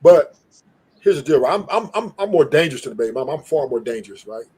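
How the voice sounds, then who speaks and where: A man argues on a live stream, swearing freely and repeating his points. His voice sits high and sounds husky. He is combative and keeps pressing. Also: expressive, quick pace, darkish tone. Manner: profane, combative, repeats himself. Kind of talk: heated live-stream argument.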